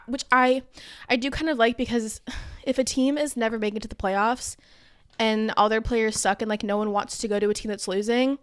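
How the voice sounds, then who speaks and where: A woman's voice: on the high side, clear, resonant tone, dry recording. A young woman hosting a podcast, casually explaining a topic in a chatty, self-deprecating way with plenty of fillers. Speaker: podcast host.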